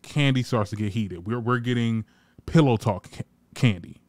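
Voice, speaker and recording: A man's voice: mid-range voice, moderate pace, no echo. A man recapping a reality TV episode in casual commentary, sassy and blunt, swearing freely and acting out what the cast said. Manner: animated, acts out quoted lines. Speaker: reality TV reviewer.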